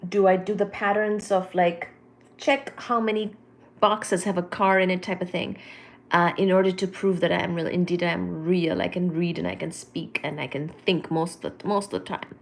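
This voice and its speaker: A woman's voice: fairly low pitch, steady tone, normal speed, gravelly. A woman hosting a casual live stream, chatty and playful as she greets viewers and reads their comments aloud. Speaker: livestream host.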